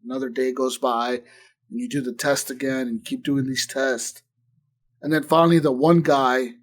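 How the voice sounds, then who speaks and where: This is a man co-hosting a podcast, chatting casually and drifting through a lengthy anecdote. He speaks at an average speed in a middling pitch, stuffing the retelling with "like" and curses and performing everyone else's quotes.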